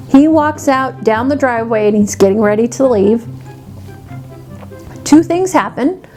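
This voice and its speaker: A woman's voice: a little high, dark tone. A woman beauty vlogger chatting casually, animatedly telling a story and acting out the people in it.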